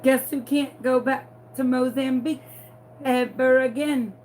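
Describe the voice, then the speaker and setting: A woman with a Southern American accent tells a story in a playful, theatrical way. Her voice sits a little high, and she takes her time with each phrase. A faint hiss of noise sits under her words. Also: unhurried. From New Orleans, US. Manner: animated, playful, dramatic storyteller. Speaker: crafting vlogger. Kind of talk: chatty storytelling while crafting.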